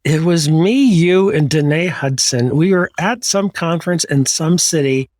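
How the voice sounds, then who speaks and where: Man, podcast host, high-pitched, playful, teasing, dry close mic. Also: darkish tone, dry recording. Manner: playful, teasing, quick asides. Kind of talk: casual interview chat.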